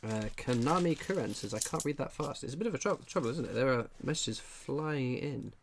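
A man hosting a casual livestream, reading viewer comments aloud with dry, understated humour and frequent pauses of "uh" as he scans the chat. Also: medium pitch, lively intonation, vocal fry, a little hiss or hum. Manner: frequent filler "uh" while scanning chat. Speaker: livestream host.

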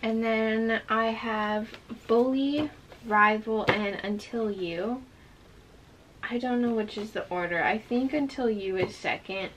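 A woman's voice: fairly high pitch, slow pace, dull audio, heavy background noise. A woman chatting casually and enthusiastically about her books as she sorts a shelf, easily sidetracked. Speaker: book vlogger. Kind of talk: casual chat. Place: bedroom with a running fan.

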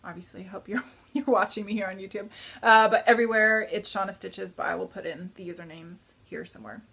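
A woman's voice: medium pitch, fairly even intonation, brisk, creaky, fairly bright tone, breathy edge. A woman in her thirties chatting casually to camera as a knitting vlogger, rambling and hesitant, with many fillers.

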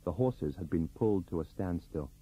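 A man reading a novel aloud as an audiobook narrator, in scripted narration with a lively, varied delivery. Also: low voice, normal speed, breathy edge. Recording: dull lo-fi recording.

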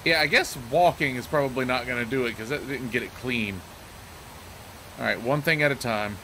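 A man hosting a let's play, excitable and joking as he talks to himself while playing. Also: medium pitch, moderate pace, slight background noise. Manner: excitable, joking, self-talking. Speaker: gaming channel host.

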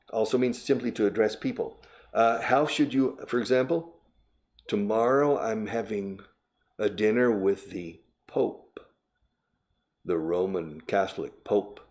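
A man's voice: fairly low pitch, darkish tone. An older man, hosting a chatty English lesson and explaining words in Spanish. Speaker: English teacher and host. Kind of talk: casual spoken English lesson.

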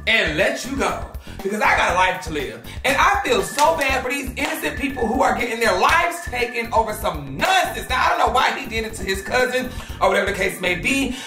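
A woman's voice: fairly high pitch, fairly bright tone. A woman hosting a gossip vlog, talking casually and bluntly, sassy and profane. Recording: echoey room, off-mic, music underneath.

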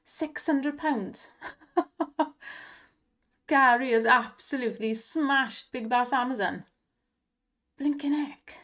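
Brief: young woman, higher voice, slow-paced gushing slot commentary with frequent giggles. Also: a bit bright. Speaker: slot video host. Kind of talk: excited commentary on slot wins.

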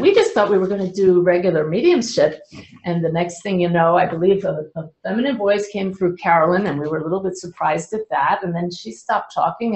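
A calm, earnest older woman explaining things to an audience in a slightly low, conversational voice. Her speech carries the echo of a roomy indoor space. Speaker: spiritual medium. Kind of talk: explanatory talk to a live audience. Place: indoor event room with an audience.

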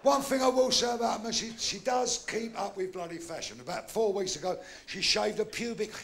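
A gravelly, fairly high-pitched older Cockney man tells blunt, bawdy jokes in a dry, deadpan way. He is recorded live on stage, with plenty of room noise and audience around him. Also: brisk. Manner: gruff, bawdy, deadpan delivery. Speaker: stand-up comedian. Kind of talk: live stand-up routine. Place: large live venue with a crowd. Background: audience laughter.

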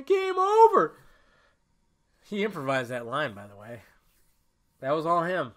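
A man's voice: a little high, pushed and bright. A young man hosting a casual solo podcast, rambling and emotional, cursing often as he talks. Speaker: podcast host.

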